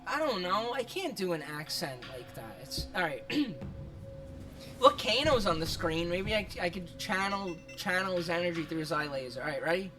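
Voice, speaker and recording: An animated streamer with a medium-pitched voice chats at normal speed over background music during a game. It's loose, rambling commentary full of swearing and laughter, and they're noticeably self-conscious about their voice.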